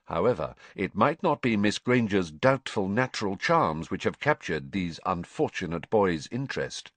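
Expressive low-voiced male storyteller. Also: no echo. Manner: expressive and measured. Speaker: audiobook narrator. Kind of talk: storybook narration.

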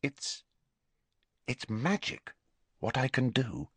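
A man reading an audiobook and voicing an elderly male wizard headmaster who is calm, commanding, gentle and measured. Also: medium pitch, slightly rough, no room sound, pitched above the performer's own voice. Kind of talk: audiobook character voice.

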